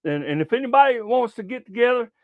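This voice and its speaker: Older guy, high voice, dry close sound, cussing sports talk host. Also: expressive, quick pace, no room sound, narrow, tinny audio. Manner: profane, repetitive, stumbling restarts. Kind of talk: casual rambling sports talk.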